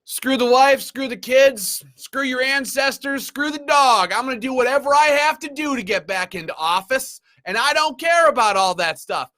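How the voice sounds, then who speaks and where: A man putting on the voice of a cynical, self-serving male politician in a mocking, high-pitched parody. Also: animated, moderate pace, hardly any pauses, sharp tone, full character voice.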